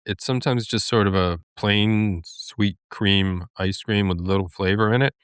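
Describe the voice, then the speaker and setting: A man co-hosting a podcast in casual chat, rambling and hesitant with many pauses. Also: fairly low pitch, steady tone, fairly bright tone, clear, resonant tone, no echo, studio quality. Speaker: podcast co-host.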